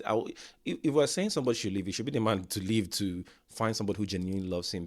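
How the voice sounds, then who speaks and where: A man hosting a reaction video, talking emphatically and repeating his points for stress. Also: fairly low pitch. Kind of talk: casual reaction commentary.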